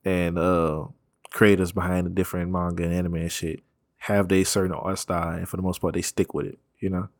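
A man with a very low voice chats loosely and rambles through his points, dropping slang and curses along the way. He laughs easily. The sound is dry and close, with no room echo. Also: flat delivery, fairly quick. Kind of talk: casual chat.

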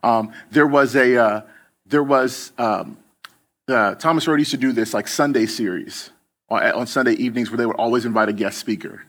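A man preaching in a relaxed, conversational way, telling a story from the pulpit. He talks loosely, full of fillers and restarts, at an ordinary pitch. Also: normal speed. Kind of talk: casual storytelling sermon.

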